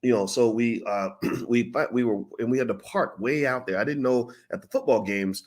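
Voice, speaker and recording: A man telling a story in a casual, profane, animated way, acting out what people said. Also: mid-range voice, moderate pace. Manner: profane, animated, acts out quotes. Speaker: channel host.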